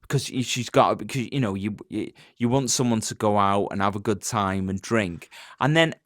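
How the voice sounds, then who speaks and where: A man's voice: fairly low pitch, moderate pace, dry recording, studio quality. A young man co-hosting a podcast, chatting casually with his partner. He rambles and cuts himself off, joking as he goes. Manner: rambling, self-interrupting, joking. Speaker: podcast co-host. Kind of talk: casual chat.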